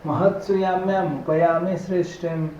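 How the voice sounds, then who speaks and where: A man attending a scripture class who quietly calls out answers and recites verse lines. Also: high voice, fairly even intonation, unhurried, dull audio.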